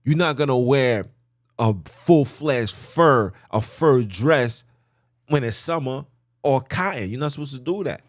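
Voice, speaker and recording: A man hosting a podcast in casual religious talk, telling stories in an animated way with street slang. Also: medium pitch, unhurried, no echo. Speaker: podcast host.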